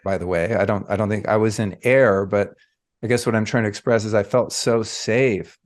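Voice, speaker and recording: Low-voiced man telling a laid-back story. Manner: relaxed, drawn-out storytelling with reflective pauses. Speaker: podcast host. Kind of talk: casual storytelling chat.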